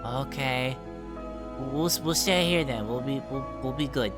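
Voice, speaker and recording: A man voicing a group of small, hungry kobold creatures that chatter in an excitable, childlike way. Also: medium pitch, a little slow, over music, natural voice. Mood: obedient.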